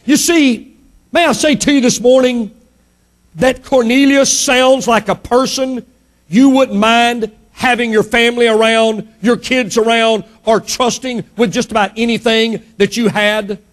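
A man's voice: fairly even intonation, a little slow. A man preaching a sermon, emphatic, lifting and dropping his voice for effect. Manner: emphatic preaching, rising and falling pitch for effect.

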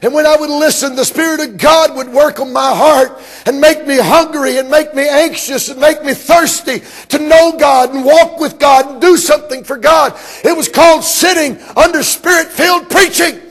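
A man from Georgia preaching a sermon, telling stories emphatically and rising to shouts. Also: very high-pitched, moderate pace, hardly any pauses.

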